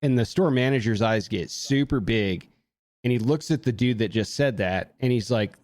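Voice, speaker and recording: A man on a podcast telling a story in casual chat, animated, swearing a lot and acting out what people said. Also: mid-range voice, normal speed, dry recording. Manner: animated, heavy swearing, acts out quotes. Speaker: podcast co-host.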